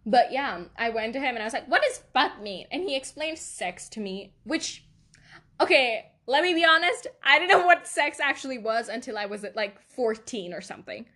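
Chatty young woman with a higher voice. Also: lively intonation, moderate pace, bright, forceful tone. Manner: chatty, laughs often, rambling asides. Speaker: podcast host. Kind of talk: casual confessional chat.

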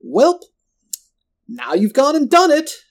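A man's voice: very high voice, huge pitch swings, slow pace, pitched above the performer's own voice, heavily acted. A man voicing a crude, brash country bully who hollers his taunts. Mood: gloating. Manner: loud hollering drawl.

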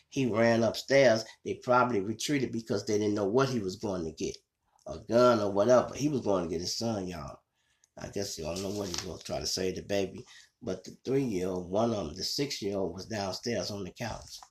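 A man's voice: on the low side, normal speed. A man with a Chicago accent hosting his own show, telling a true-crime story in a casual, conversational way and often calling his listeners y'all. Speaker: show host.

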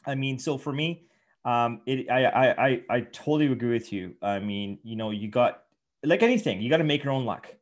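A man's voice: mid-range voice, a little fast. A man hosting a podcast interview, enthusiastic and reflective, sometimes searching for his words.

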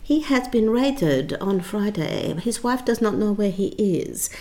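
A woman voicing a calm, matter-of-fact male Chinese theatre producer with a Chinese accent, speaking in hushed, clipped broken English. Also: mid-range voice, unhurried, pitched above the performer's own voice, close to an everyday voice.

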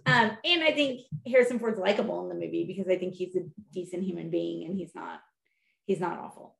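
Chatty woman with a gravelly edge. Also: lowish voice, quick pace, roomy sound. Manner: chatty, animated storytelling with fillers. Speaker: podcast co-host. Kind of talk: casual chat.

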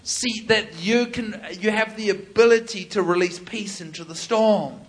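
High-voiced animated male preacher. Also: unhurried. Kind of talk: sermon with storytelling.

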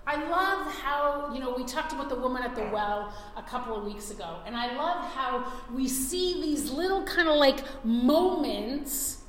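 Female preacher, animated storyteller; high, unhurried delivery, reverberant hall with faint ambience. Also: a little hiss or hum. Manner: animated storytelling, acting out scenes. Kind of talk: sermon.

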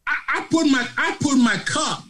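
A middle-aged man with a Nigerian accent, a charity founder telling his story as an interview guest in a passionate, preacher-like way that swings from hushed to loud. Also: extremely high pitch, normal speed, noisy background. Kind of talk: emotional motivational storytelling.

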